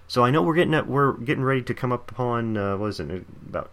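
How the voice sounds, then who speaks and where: Fervent male preacher, mid-pitched. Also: lively intonation, a bit bright. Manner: fervent, emphatic, repeats words; reads scripture slowly. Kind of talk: sermon, Bible reading and commentary.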